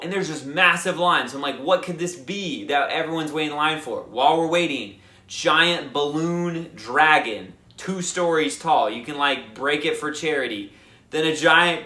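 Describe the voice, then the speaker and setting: A young man hosting a board game channel, telling a lively casual recap full of fillers and acted-out quotes. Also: a little high. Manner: animated, lots of fillers, acts out quotes. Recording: echoey room.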